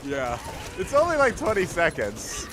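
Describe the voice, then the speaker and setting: A man's voice: a little high, wildly swooping pitch, a little slow, noisy background. A man streaming a co-op game, chatting casually with friends, joking and swearing at the game. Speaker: gaming streamer. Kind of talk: casual co-op gaming chat.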